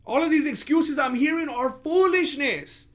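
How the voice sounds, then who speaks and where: Host: man with a very high voice, sarcastic mock-outraged commentary. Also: moderate pace, fairly bright tone. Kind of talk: comedic commentary rant.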